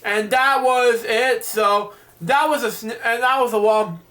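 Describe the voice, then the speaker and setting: A man's voice: extremely high pitch, unhurried, bright, forceful tone. A man reading a children's picture book aloud at bedtime, stumbling over words and breaking off for chatty side comments. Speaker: bedtime story reader.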